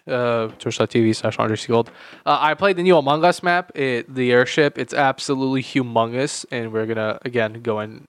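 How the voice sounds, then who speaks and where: A man's voice: medium pitch, fairly bright tone, clear, resonant tone, no echo. A young man in his late teens, co-hosting a casual chat podcast, rambling with lots of fillers and repeated words. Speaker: podcast co-host.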